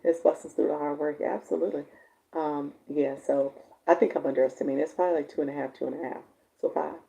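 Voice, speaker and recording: A woman live-stream coach with a raspy voice, chatting casually with viewers and reading their comments. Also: low-pitched, steady tone, fast talker, rough recording. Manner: chatty, warm-toned, laughs often, answers viewers by name.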